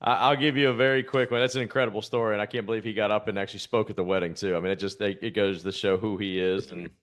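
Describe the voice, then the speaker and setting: A man's voice: on the low side, steady tone, rapid-fire, fairly bright tone. A man in his forties hosting a podcast, chatting casually and joking with a guest, laughing easily. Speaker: podcast host, former pro golfer. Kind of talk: casual chat.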